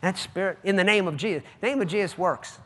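A man preaching a sermon, swinging from hushed asides to loud, drawn-out proclamations. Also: high-pitched, big-room sound.

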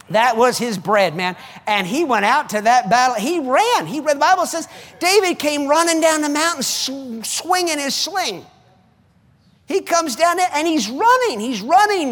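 High-voiced man preaching emphatically. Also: in a large hall. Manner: emphatic, animated, rallying. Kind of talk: sermon.

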